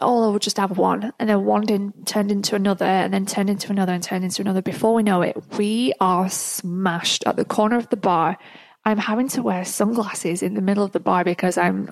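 A woman hosts her own podcast and tells a personal story in a loose, chatty way, breaking into laughter often. Her voice sits at an ordinary middle pitch. The recording is dry and close, with no room sound. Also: no echo. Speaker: podcast host.

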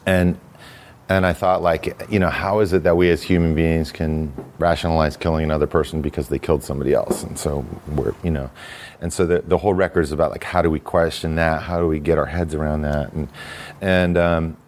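A man talks as a guest on a podcast, his voice sitting very low and deep. He rambles loosely through his thoughts with plenty of "um" and restarts. It is an easygoing, conversational delivery. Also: level tone, fairly quick, a little mellow. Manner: laid-back, rambling storyteller with many fillers. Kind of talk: casual conversation.

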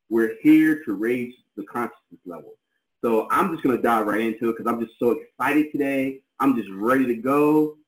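A man's voice: medium pitch, echoey room, low-quality recording. A man co-hosting a podcast, talking in an effusive, rambling, enthusiastic way. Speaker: podcast co-host. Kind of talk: casual podcast chat.

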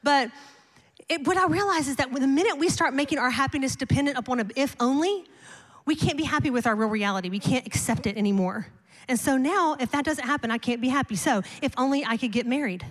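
A middle-aged woman pastor preaching a sermon, telling a personal story in an animated, emphatic way with repeated refrains. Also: high-pitched, fast. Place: large church auditorium. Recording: long hall reverb.

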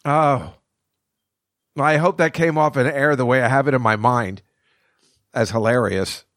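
A man's voice: medium pitch, moderate pace, fairly bright tone, no echo, clean studio sound. A man in his fifties hosting his own podcast, telling a rambling, profane story and laughing at his own jokes. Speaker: podcast host. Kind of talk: casual rambling monologue.

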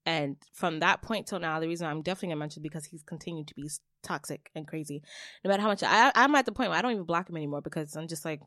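A young adult woman on a podcast, telling a personal story in blunt, swearing, animated casual chat. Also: low voice, racing, dry recording, studio quality. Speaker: podcast co-host.

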